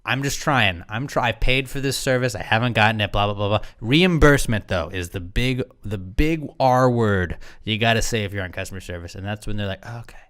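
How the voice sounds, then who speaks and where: A man co-hosting a podcast, chatting casually and telling animated, profane stories. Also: fairly low pitch, brisk, hardly any pauses. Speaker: podcast co-host. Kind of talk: casual chat.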